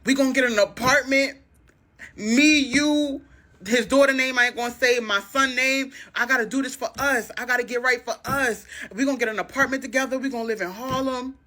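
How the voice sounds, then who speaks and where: Woman quoting a pleading boyfriend, earnest promises, pitched up a little. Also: a little fast, bright, forceful tone. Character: smooth-talking grown boyfriend, pleading and promising.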